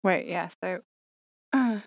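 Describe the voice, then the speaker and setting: A woman's voice: on the low side, takes it slowly, creaky, no echo. A woman who hosts an audio drama podcast, chatting between takes in a giggly, playful way. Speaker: podcast host and voice actor. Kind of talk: casual chat between takes.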